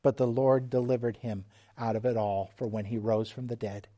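A middle-aged man preaching a sermon, slow and emphatic, dropping suddenly to quiet, hushed lines. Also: mid-range voice, fairly even intonation. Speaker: pastor.

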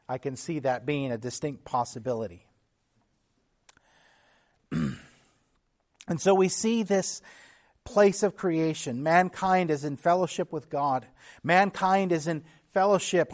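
A man's voice: a little high, unhurried, pauses often. Earnest man preaching a sermon. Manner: earnest teaching tone, frequent restarts and throat clearing. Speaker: pastor.

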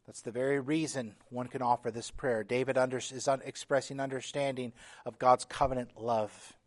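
This pastor's sermon comes in a steady, medium-pitched male voice at a moderate pace. He reads scripture with real feeling, earnest and emphatic, repeating phrases to build his emphasis.

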